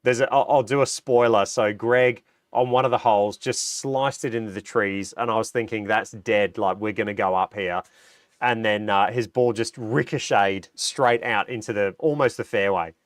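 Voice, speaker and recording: A man's voice: mid-range voice, normal speed, hardly any pauses, dry recording, clean studio sound. Man with a stuffy, nasal voice. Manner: enthusiastic, chatty, reads viewer comments. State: nasal from a cold. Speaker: livestream host. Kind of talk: casual livestream chat.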